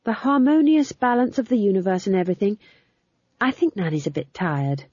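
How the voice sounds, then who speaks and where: A woman's voice: medium pitch, sing-song, brisk, warm tone, slightly rough, dry recording, highs cut off, voice pushed up. A woman reading an audiobook, voicing a young, earnest witch who is flustered and prim. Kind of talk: audiobook character voice.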